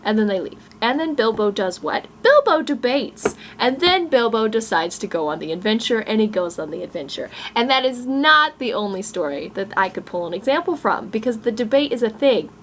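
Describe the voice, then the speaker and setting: A woman's voice: a little high, expressive, normal speed, hardly any pauses, fairly bright tone, a little hiss or hum. A woman in her twenties, a novelist, ranting casually to camera at home in a sarcastic, rambling way with frequent chuckles. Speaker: novelist and vlogger. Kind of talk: casual rant vlog. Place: room at home, growing dark. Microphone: camera mic.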